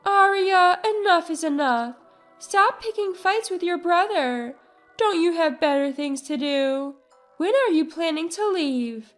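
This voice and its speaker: A woman voicing a harsh older mother who scolds her daughter loudly and sharply. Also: sits high, animated, drawn-out words, few pauses, faint music behind, voice pushed up, exaggerated voice. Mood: scolding.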